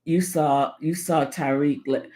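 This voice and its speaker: A woman's voice: sits low, steady tone, a little slow, warm tone. A woman hosting a casual livestream chat, playful and teasing, laughing often as she talks to her viewers. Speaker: livestream host.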